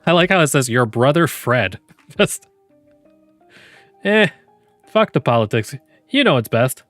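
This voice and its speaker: A man as a joking podcast host reading prompts to chat, mid-pitched, dry close sound, faint music behind. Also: big pitch swings, unhurried, a bit bright, no room sound. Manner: joking, laughs often, swears casually. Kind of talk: casual chat, reading game prompts aloud to chat.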